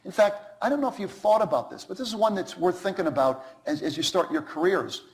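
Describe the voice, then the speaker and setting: A man giving a storytelling talk to students, acting out quoted dialogue with animated shifts of voice. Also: fast, rough recording. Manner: animated, acts out quoted dialogue with lively pitch swings. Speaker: guest speaker to students.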